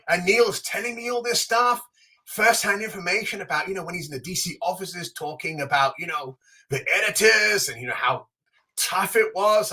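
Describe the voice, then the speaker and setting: A man co-hosting a podcast, telling an animated story in casual chat and acting out the quotes. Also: fairly high pitch, husky. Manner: animated, acts out quotes with big swings. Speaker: podcast co-host.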